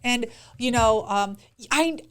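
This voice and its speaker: A middle-aged woman co-hosting a podcast, telling a story in an animated, laughing way and acting out quotes. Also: fairly high pitch, slow, clear, resonant tone. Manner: animated, laughs through stories, acts out quotes. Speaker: podcast co-host. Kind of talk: casual storytelling chat.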